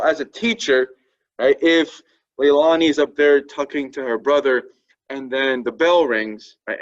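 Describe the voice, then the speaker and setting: Man teaching in a muffled classroom recording. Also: on the high side. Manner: repeats phrases and drills pronunciation, checks in with "right?". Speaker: French teacher. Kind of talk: classroom instruction.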